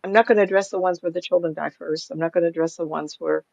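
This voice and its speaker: Older woman, interview guest, gravelly, rambling anecdotes, laughs often, dry sound. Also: fairly low pitch, fairly even intonation, fast talker, darkish tone, no room sound, muffled recording. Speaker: psychic medium, guest. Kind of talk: casual interview talk.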